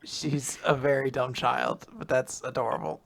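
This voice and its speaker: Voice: medium pitch, fairly even intonation, moderate pace, creaky. A podcast co-host reacting to a manga recap with amused commentary in casual chat.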